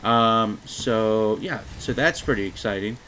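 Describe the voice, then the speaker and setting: A man's voice: on the low side, measured pace, fairly bright tone, slight background noise, poor audio. A young man giving casual, rambling commentary over his own card-game run, full of fillers and mild frustration. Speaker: gaming YouTuber.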